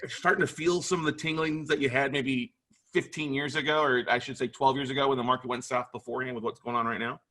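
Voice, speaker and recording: A man's voice: medium pitch, fairly even intonation, fast talker, pushed and bright. A man hosting a podcast interview, enthusiastic and chatty, with lots of "uh" and "you guys". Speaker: podcast host.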